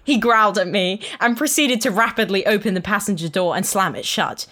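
A young woman reads a fan fiction aloud in a mid-pitched voice, narrating dramatically in the first person. Between passages she chats with amused asides. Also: a little fast, pushed and bright. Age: young adult. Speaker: podcast co-host and reader. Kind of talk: reading fan fiction aloud, then chatting.

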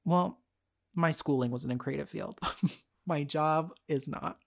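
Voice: medium pitch, takes it slowly, creaky, slight background noise. A young adult podcast host telling a story in a frank, exasperated rant, swearing freely and laughing between phrases. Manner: profane, exasperated and frank, with frequent fillers.

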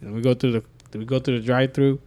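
A man's voice: medium pitch, little pitch movement, fast, mellow. A young man in casual chat with friends, telling a long rambling story full of swearing and laughter. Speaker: podcast co-host.

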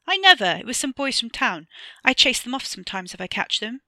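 A woman's voice: fairly high pitch, fairly quick, bright, forceful tone, dry recording, studio quality, pitched above the performer's own voice. A woman reading a short story aloud, voicing a scared but defiant ten-year-old boy who gives short, defensive answers.

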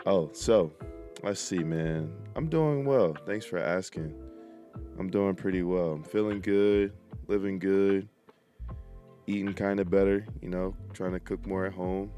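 A man's voice: low-pitched, moderate pace, a little mellow, faint music behind. A young man hosting his own podcast, chatting casually in a laid-back, slangy way and talking straight to his listeners. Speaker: podcast host. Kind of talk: casual solo podcast chat.

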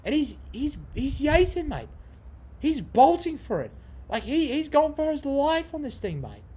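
With a very high, sing-song voice that is a little mellow and a little slow, a young man hosts a podcast. He rambles loosely and profanely, repeating himself and drifting into tangents.

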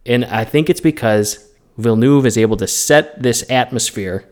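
A man co-hosting a film podcast, giving opinionated, animated takes in casual chat. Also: mid-range voice. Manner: opinionated, animated film talk with quick asides. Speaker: podcast co-host.

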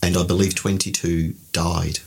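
A man co-hosting a podcast, telling a travel story in an animated, digressive way and laughing often. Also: low voice, normal speed, creaky, slightly rough, faint music behind. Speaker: podcast co-host. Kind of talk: casual storytelling chat.

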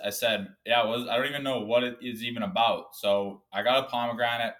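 A man in his twenties hosting his own podcast, rambling and swearing, with loud outbursts that drop to low mumbles. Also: steady tone, a little fast, few pauses. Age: 20s. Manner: profane, rambling, self-deprecating. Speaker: podcast host. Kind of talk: casual solo podcast rant.

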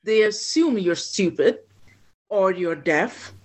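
A woman from Ghana, a podcast guest, telling a personal story in an animated way and acting out the voices of the people in it. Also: medium pitch, slow pace. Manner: animated storyteller who acts out quoted voices.

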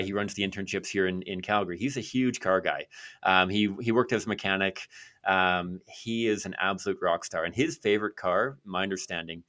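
A man's voice: lowish voice, a bit bright. A man co-hosting a podcast from his office, explaining a point casually with everyday examples. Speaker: pro-life podcast co-host. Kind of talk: casual discussion. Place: office in Calgary.

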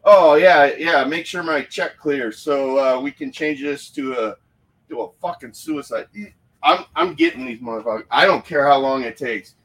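A man's voice: medium pitch, moderate pace, a bit bright, recorded from a distance, poor audio. A man hosting a casual live stream from a room at home, fired up and profane, talking into his phone. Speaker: paranormal livestream host.

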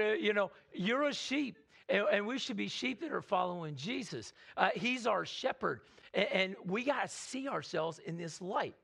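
A man preaching a sermon, leading the congregation in call-and-response and slowing down to read scripture aloud. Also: high voice, vocal fry, a bit bright. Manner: repeats words, slows to read scripture. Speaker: pastor. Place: church sanctuary.

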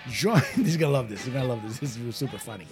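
A man's voice: mid-range voice, animated, fast, over music. A man hosting a casual show, rambling and laughing often as he chats. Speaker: radio show host. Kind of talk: casual chat.

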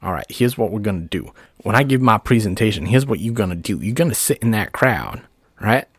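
A man voicing a fast-talking male snake-oil doctor who barks his sales pitch and bosses people around. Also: animated, breathy edge, no room sound, clean studio sound. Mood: scheming. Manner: booming carnival barker pitch, bossy and sly.

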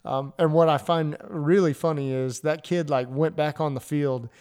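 A man's voice: a little high, steady tone, moderate pace, darkish tone, clean tone. A man in his thirties hosting a faith podcast, telling a personal story in a loose, rambling way with many ums and uhs. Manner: rambling, filler-heavy storytelling.

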